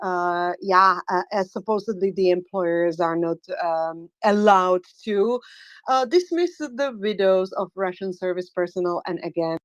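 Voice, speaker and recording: A woman hosting a live online audio chat, talking haltingly with many filler sounds and growing excited. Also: on the low side, no echo, lo-fi sound. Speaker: host.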